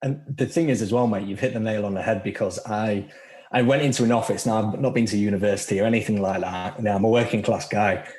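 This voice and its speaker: A man's voice: fairly low pitch, steady tone, fast talker, darkish tone. A man from northern England with a Northern English accent, a guest coach talking bluntly and swearing freely in a casual podcast conversation.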